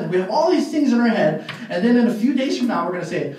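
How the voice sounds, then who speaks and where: His voice sits high and moves at a normal speed, broken by long pauses, as he gives a live motivational speech to a sales party. Animated and quick to laugh, he fills his stories with fillers; the recording is distant and very echoey.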